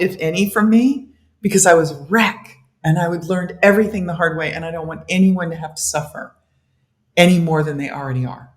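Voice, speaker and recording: The speaker is a man with a fairly high voice who talks fairly quickly, interviewed casually in an echoey room about being a detox specialist. He's lively, often laughing, and dramatizes the conversations in his head.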